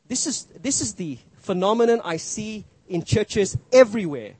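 High, husky-voiced male preacher. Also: expressive, normal speed, dark tone, poor audio. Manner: emphatic, rising and dropping for effect. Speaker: pastor. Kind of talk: sermon.

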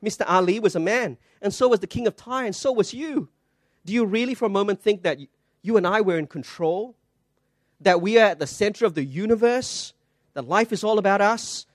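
A male pastor delivers a sermon in a notably high voice, recorded dry with little room sound. He tells stories, acts out the voices in them, and asks his listeners rhetorical questions. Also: animated, moderate pace, no echo. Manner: storytelling preacher, quoting voices, rhetorical questions. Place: church.

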